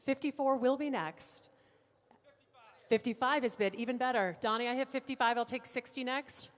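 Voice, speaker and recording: A woman auctioneer runs a live car sale, rattling off figures and teasing bidders between calls. Her voice rings out in a large room with a long trailing reverb. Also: a little high. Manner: brisk bid-calling with playful asides to bidders.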